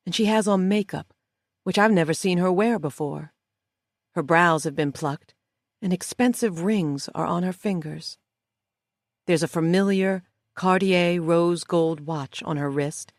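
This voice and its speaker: A woman narrating an audiobook in the first person, slow and measured. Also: deep voice, no room sound, clean studio sound.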